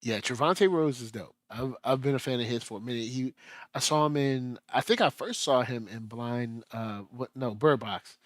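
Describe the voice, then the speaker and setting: A man with a mid-range voice chats on a gaming stream, recorded dry and close. He is animated, slips into playful voices when he acts out stories, and speaks in casual slang. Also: medium pitch, normal speed, no echo. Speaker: podcast co-host. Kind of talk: casual chat.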